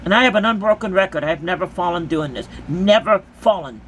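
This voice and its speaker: A woman's voice: on the low side, lively intonation, fairly quick, slight background noise. A woman who dances at concerts giving an impassioned, emphatic monologue to her critics, full of repeated rhetorical questions.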